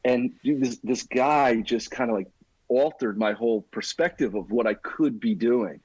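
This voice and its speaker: A middle-aged man, a podcast guest, telling his life story in an energetic, casual, buddy-like way. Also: medium pitch, moderate pace, husky, dry recording, muffled recording. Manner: energetic, talks like a buddy, says "dude".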